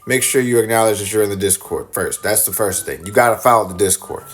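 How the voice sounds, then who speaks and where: A man's voice: fairly low pitch, fast, faint music behind. A man hosting a podcast, giving repetitive step-by-step instructions in a teasing way and putting on a British accent. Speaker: podcast host. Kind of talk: recorded promo announcement.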